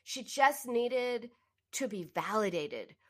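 A woman's voice: expressive, slow pace. A woman coaching listeners on binge eating in an earnest, emphatic self-help talk, addressing them directly. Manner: earnest and emphatic, often rising in pitch for emphasis; speaks directly to the listener in second person.

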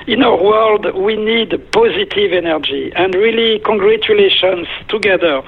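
A man's voice: high-pitched, moderate pace, slight background noise. A man from France with a French accent, a meditation teacher and guest, speaking earnestly in short phrases. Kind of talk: phone-in interview. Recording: tinny phone line.

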